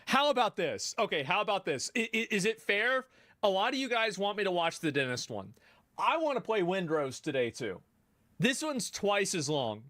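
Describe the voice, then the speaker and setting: A man streaming live, reacting to videos with animated, exasperated asides. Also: high voice, normal speed, no echo, clean studio sound.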